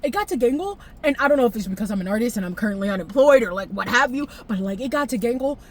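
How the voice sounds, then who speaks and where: Young woman, highish voice, swearing, laughing, emotional vlog rant. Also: racing. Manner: expressive, profane, laughs often, jumps pitch when excited. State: tearful at times. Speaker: vlogger. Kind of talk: casual animated recap.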